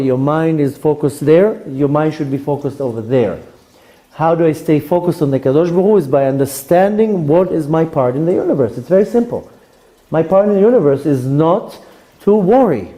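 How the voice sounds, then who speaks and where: A man's voice: a little high, dark tone, rough recording. A male rabbi giving a Torah class in a playful, conversational way.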